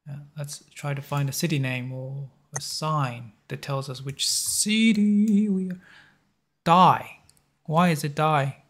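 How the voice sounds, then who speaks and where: A man hosting a map-guessing game video, thinking aloud in a halting, musing way with short chuckles. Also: fairly high pitch, vocal fry, slightly rough.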